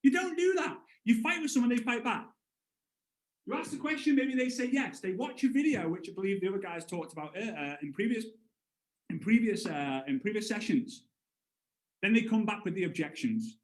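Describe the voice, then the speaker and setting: A man in his thirties leads an upbeat sales training. His voice sits high for a man and jumps around as he tells stories. The room leaves a noticeable echo on every word. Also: brisk. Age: 30s. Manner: energetic storyteller, acts out voices with big jumps. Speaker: network marketing trainer. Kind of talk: live motivational sales training.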